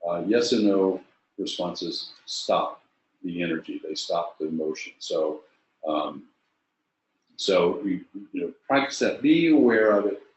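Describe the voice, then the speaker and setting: A man giving a leadership coaching webinar, talking in a thoughtful, halting way with many fillers and restarts. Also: sits low, expressive. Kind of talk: webinar presentation. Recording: echoey, dull lo-fi webinar audio.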